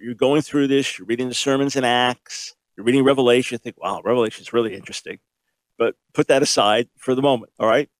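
Man preaching, mid voice, punchy, lots of rhetorical questions, speeds up and slows down, dry sound. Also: medium pitch, no room sound. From grew up in a Jewish home. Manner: emphatic, repetitive, rhetorical questions, shifting pace. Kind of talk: sermon teaching.

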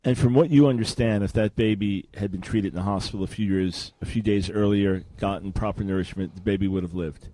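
A man's voice: fairly low pitch, steady tone, a little fast, few pauses, warm tone, no room sound. A man hosting an interview, asking probing questions and sometimes playing devil's advocate with sarcasm. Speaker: interview host.

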